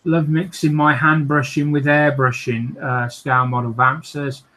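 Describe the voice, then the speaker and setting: A man hosts a relaxed livestream, taking his time as he reads out viewer comments. His talk is full of fillers and small restarts, and he often breaks into laughter. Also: a little high, a little slow, rough recording. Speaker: host of a modelling livestream. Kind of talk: casual chat, reading out viewer comments.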